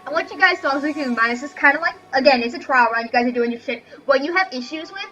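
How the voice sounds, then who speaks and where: A woman's voice: high voice, rapid-fire, pushed and bright, lo-fi sound, faint music behind. A woman helping run a tabletop game, chatting casually with a giggly, joking manner.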